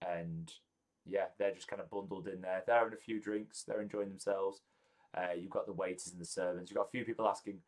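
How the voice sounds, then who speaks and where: Low-ish guy running a tabletop rpg session, lots of ums and restarts. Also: fairly even intonation. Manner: halting, many ums and restarts. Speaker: game master. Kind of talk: narrating a tabletop game.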